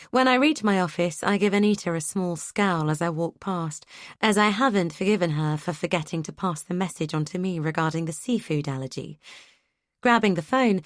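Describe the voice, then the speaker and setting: A woman narrating a first-person audiobook on a close studio mic, in a brisk, tense manner. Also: fairly low pitch, no room sound.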